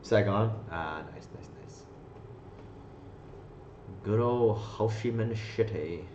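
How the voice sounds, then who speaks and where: A man's voice: lowish voice, takes it slowly, background noise. A man hosting a trading live stream, chatting casually in a rambling, profane way and laughing often. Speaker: trading livestream host. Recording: roomy, slightly dull stream audio.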